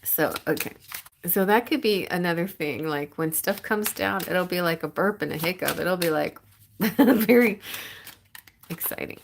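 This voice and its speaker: A woman with a somewhat low voice gives a live-streamed tarot reading. She rambles in an excitable way and often breaks off and restarts her phrases. The tone is casual and spoken straight to the viewer. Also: normal speed, vocal fry, a little hiss or hum. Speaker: tarot reader.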